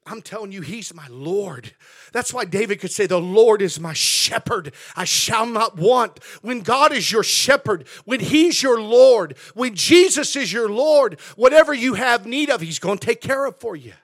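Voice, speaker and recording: A male pastor preaching in a church sanctuary, with a very high voice and a bright, forceful edge. He swings from shouted declarations down to near-hushed asides, pressing every line with passion. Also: animated, measured pace. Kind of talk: sermon.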